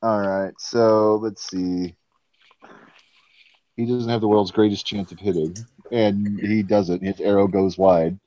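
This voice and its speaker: A man narrating as game master in a tabletop game, describing the scene slowly and with pauses. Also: fairly low pitch, fairly even intonation, warm tone, dry recording. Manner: slow, measured narration with pauses. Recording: dull lo-fi voice chat audio.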